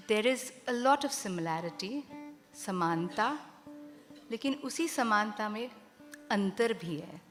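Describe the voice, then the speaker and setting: A woman presenting a concert on stage, chatty and teacherly, quizzing the audience. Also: medium pitch. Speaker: carnatic vocalist presenting a concert. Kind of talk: explaining music to a live audience. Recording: reverberant concert hall.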